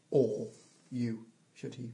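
Gravelly male game master. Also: mid-range voice, very slow, warm tone, a little hiss or hum. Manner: hesitant, explains rules with many fillers. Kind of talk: narrating a tabletop game.

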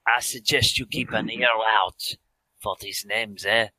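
A man's voice: lowish voice, steady tone, bright, forceful tone, no room sound, heavily acted, poor audio. A man playing a creepy French professor. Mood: cryptic, ominous. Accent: put-on French. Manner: grave, cryptic, measured pronouncements. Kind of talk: tabletop role-play.

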